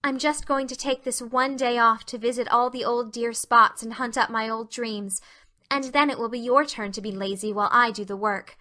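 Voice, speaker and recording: A woman doing an eager, bright young girl. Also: a little high, normal speed. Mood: earnest. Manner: eager, earnest and expressive. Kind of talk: full-cast audiobook drama.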